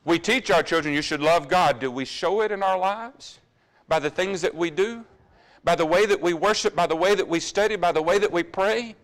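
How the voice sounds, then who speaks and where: A man preaching a sermon in a church, earnestly putting question after question to the congregation and dropping to quiet asides now and then. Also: high-pitched, normal speed. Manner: drops to quiet asides about running over time.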